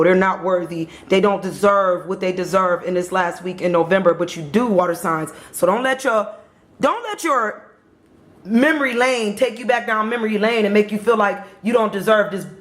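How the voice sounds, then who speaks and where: A woman's voice: medium pitch, normal speed, roomy sound. A woman giving a casual tarot reading and talking straight to her viewers in a chatty, repetitive way. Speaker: tarot reader.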